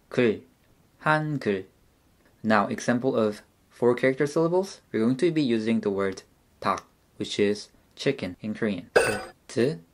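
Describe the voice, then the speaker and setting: Patient man teaching pronunciation. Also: fairly low pitch. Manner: patient, demonstrates syllables slowly one by one. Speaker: Korean language teacher. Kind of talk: online language lesson.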